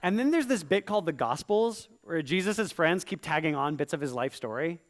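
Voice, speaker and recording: A man performing stand-up comedy in rhyme on a live stage, slipping into quick voiced asides. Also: a little high, animated. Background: audience laughter.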